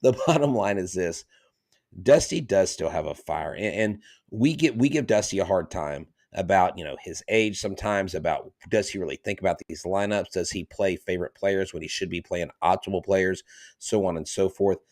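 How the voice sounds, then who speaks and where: A man co-hosting a baseball podcast, talking in an emphatic, animated way. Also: low-pitched, moderate pace, no room sound, clean studio sound. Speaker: podcast co-host. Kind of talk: casual sports chat.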